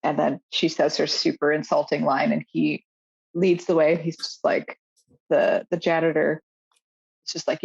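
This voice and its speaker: A young woman co-hosting a podcast, recapping a show in casual, animated chat full of fillers and swearing. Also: low-pitched, normal speed, gravelly, slightly rough, lo-fi sound. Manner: animated, swearing, lots of fillers and quoted lines. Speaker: podcast co-host.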